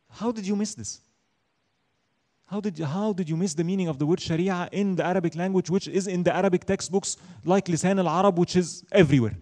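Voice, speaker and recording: In an Islamic studies class, a man with a high, warm voice lectures with emphasis. He asks questions and then answers them himself, and he rattles off Arabic verses at speed.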